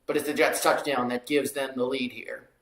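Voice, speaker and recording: The host of a live football watchalong, a man, narrates plays and wanders off into casual asides, heavy on fillers and self-mockery. He talks at normal speed in a level, mid-range voice that's a bit bright. The room echoes and the recording is low-quality.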